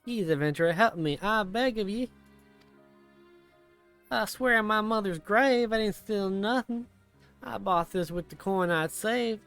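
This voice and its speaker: A man voicing a desperate young female refugee in a high, strained falsetto with a put-on Southern accent. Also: unhurried, long pauses, a bit bright, smooth, faint music behind. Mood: begging.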